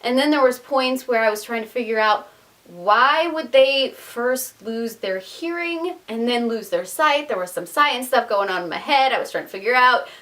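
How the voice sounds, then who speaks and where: A woman's voice: on the high side, animated, moderate pace, a bit bright. A woman book vlogger chatting casually at home, rambling and self-deprecating as she reviews what she read. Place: home room with air conditioning.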